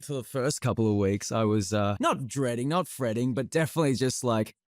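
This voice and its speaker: Aussie guy on a podcast, chatty, mid pitch, dry mic. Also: brisk, no echo. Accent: Australian. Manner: chatty, animated storytelling. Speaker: actor guest. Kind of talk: podcast interview.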